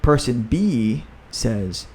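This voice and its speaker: A man's voice: mid-range voice, big pitch swings, extremely slow, husky. A man hosting a podcast in a casual, enthusiastic talk, often adding "you know" and "right?". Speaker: podcast host and author.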